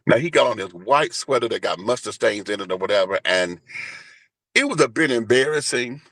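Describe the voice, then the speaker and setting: A man in his forties telling a personal story in an animated, flamboyant, profane way during a casual interview. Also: medium pitch, a little fast, no echo. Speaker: guest, entertainer and radio host.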